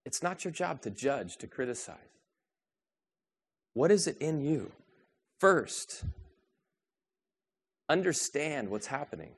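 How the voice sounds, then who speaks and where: Male pastor, sermon delivery, rhetorical questions, soft to raised. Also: a little high, big pitch swings, takes it slowly, vocal fry, pauses often, breathy edge.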